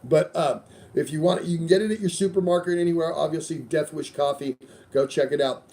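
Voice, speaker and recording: A man's voice: a little high, fairly quick, mellow. A middle-aged man hosting a casual podcast, rambling loosely through sponsor reads with plenty of swearing. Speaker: show host.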